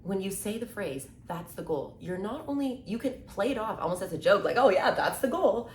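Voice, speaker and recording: A woman in her twenties giving casual motivational talk to camera, chatty and upbeat, acting out quick little exchanges and saying "like" and "right?" a lot. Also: mid-range voice, animated, a little hiss or hum. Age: 20s. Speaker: mindset content creator. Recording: echoey room with faint ambience.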